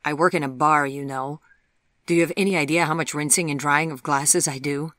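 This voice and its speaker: A man's voice: a little high, fairly even intonation, brisk, bright, forceful tone, no echo, studio quality. A narrator voicing a charming, eager young man with a Sheffield accent, cheerful and teasing in an audiobook. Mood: playful. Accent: Sheffield English.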